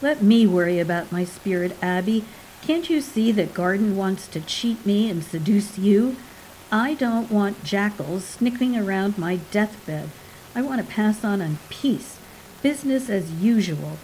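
A woman's voice: medium pitch, expressive, a little slow, a little hiss or hum, natural voice, low-quality recording. A woman reading a story, voicing a sick aging man who speaks curtly and bitterly. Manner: sharp, scornful delivery.

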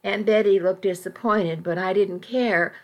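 A woman reads a first-person audiobook story at a measured, steady pace. Her voice sits at an ordinary mid pitch and stays even and unhurried. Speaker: narrator.

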